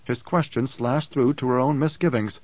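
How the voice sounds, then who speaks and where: A man narrating an audiobook in a steady storytelling manner. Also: mid-range voice, moderate pace, dry recording. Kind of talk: scripted narration. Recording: dull dry close recording.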